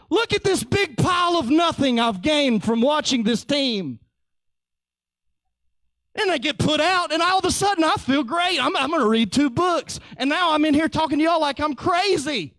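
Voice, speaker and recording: High-voiced joking preacher man. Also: no echo. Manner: joking, teasing, animated storytelling. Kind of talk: conversational sermon.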